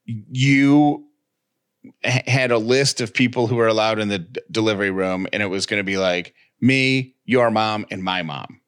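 A man co-hosting a podcast, reading ads and chatting casually in an animated, playfully argumentative way. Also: fairly low pitch, moderate pace, smooth. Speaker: podcast co-host. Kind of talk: casual podcast chat and host-read ads.

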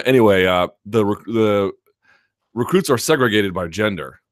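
A man's voice: on the low side, animated, a little slow, no room sound, clean studio sound. A male host of a live chat show, telling a long story casually with many fillers and restarts.

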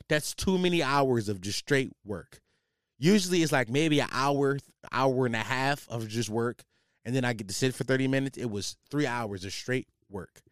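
This podcast host is a young man with a medium-pitched voice, heard in a dry, studio-quality recording. Hosting solo and casually, he wanders through a profane, slangy story about his job.

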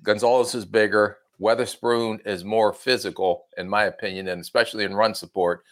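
A man's voice: fairly low pitch, steady tone, a little fast, a bit bright. A middle-aged man, a former football general manager, chatting casually on a podcast and telling folksy stories with a laugh at himself.

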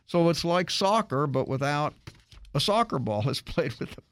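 A man hosts a tech talk radio show, spinning a story with frequent restarts and false starts. His voice sits a bit high and swings widely in pitch. The studio sound is close and dry. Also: very animated, normal speed, fairly bright tone, dry recording. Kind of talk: casual radio tech chat.

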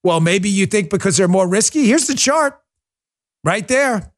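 A man's voice: sits high, expressive, unhurried. A man hosting a political talk show, delivering a sarcastic, mocking monologue with big swings in tone. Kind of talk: opinionated monologue.

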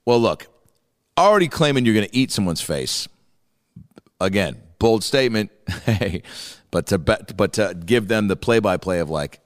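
This comedy reaction host riffs profanely on a clip, performing the people in it as he tells the story with animation. His lowish voice keeps a moderate pace, and the sound has a long reverb tail.

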